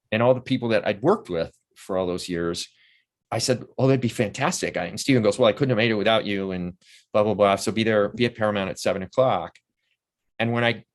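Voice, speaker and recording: A man in his sixties with a fairly low voice tells stories from his acting days in a relaxed interview. He is animated and keeps jumping into the voices of the people he quotes, raising his pitch for their lines. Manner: animated storyteller who acts out quoted voices. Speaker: interview guest, actor and playwright. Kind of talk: casual storytelling interview.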